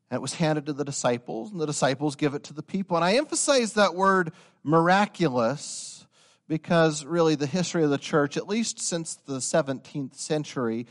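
A young man preaching a sermon, telling stories and building to loud, emphatic insistence. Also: on the high side. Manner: storytelling, swelling to emphatic raised-voice insistence.

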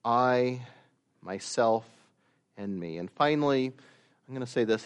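A man preaching a sermon, slow and deliberate, rising to loud emphatic peaks and dropping to quiet asides. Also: medium pitch, clear, resonant tone. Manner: slow, deliberate delivery with long pauses.

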